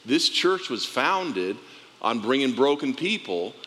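Halting man with a lively bright voice. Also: mid-range voice, a little hiss or hum. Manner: halting, warm, repeats words. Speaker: guest, longtime friend of the pastor. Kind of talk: heartfelt tribute. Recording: long hall reverb, faint ambience.

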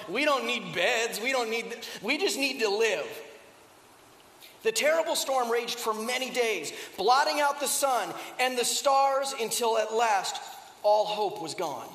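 High-voiced preacher in an echoey hall. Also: male voice, a bit bright. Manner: conversational storytelling with rhetorical questions. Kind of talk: sermon. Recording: echoey hall with long reverb.

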